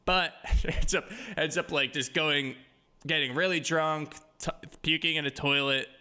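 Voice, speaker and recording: A man's voice: fairly high pitch, fairly even intonation, a little slow, bright, forceful tone, clean tone. A man co-hosting a casual movie podcast, rambling through plot points with restarts. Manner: rambling, restarts phrases, laughs while telling. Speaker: podcast co-host.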